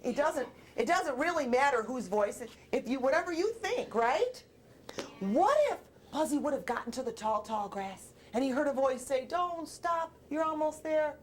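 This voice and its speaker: Lively high-voiced woman quizzing children. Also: moderate pace, slight background noise. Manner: animated, coaxing, asks kids questions. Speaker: children's book author. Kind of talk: talking with young children about a picture book. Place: television studio with children.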